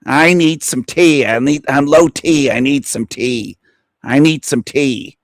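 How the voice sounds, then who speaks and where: A man's voice: medium pitch, measured pace, no room sound, studio quality, voice pushed up, lightly acted. A man putting on a mocking voice of a whiny man begging for testosterone, pleading over and over.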